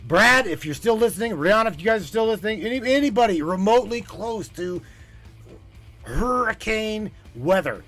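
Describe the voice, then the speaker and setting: Man, high voice, podcast host, urgent preachy rant, swears a lot, faint music behind. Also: lively intonation, moderate pace, fairly bright tone. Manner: urgent, preachy, swears often, repeats himself. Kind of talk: impassioned livestream rant.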